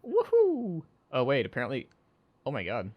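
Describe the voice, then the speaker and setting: A man's voice: on the low side, highs cut off. A young man cohosting a casual podcast, chatting in a rambling way and acting out little quotes as he tells stories. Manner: chatty, rambling, with quick acted-out asides. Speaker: podcast co-host. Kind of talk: casual chat.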